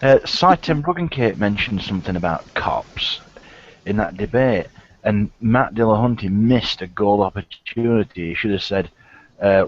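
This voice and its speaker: A man's voice: lowish voice, lively intonation, normal speed, a little hiss or hum. A man in a casual group video chat, teasing and joking, over dull lo-fi online call audio.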